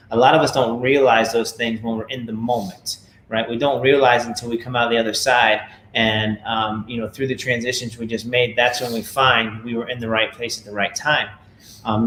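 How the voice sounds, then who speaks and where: A network marketing leader talks casually to viewers from home in a medium-pitched, fairly bright voice. He rambles, uses many fillers, and takes a preachy tone. The audio is roomy and low-quality, with slight background noise.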